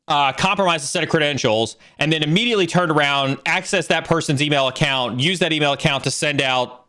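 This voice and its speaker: A middle-aged man hosting a casual livestream Q&A, answering career questions and telling stories with lots of fillers and restarts. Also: a little high. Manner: animated storyteller, fillers and restarts.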